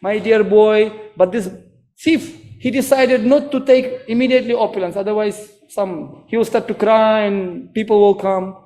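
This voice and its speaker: Russian-accented preacher telling a story. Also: male voice, sits high, normal speed. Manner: broken English, animated storytelling. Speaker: monk preacher. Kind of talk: storytelling sermon.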